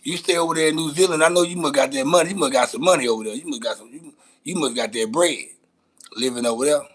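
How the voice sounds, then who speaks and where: La guy hosting a stream, kinda high voice, brash and cussing, roasting the chat. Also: quick pace, a bit bright, slightly rough. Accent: Los Angeles. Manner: brash, profane, teasing banter. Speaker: host. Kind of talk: casual live-stream chat.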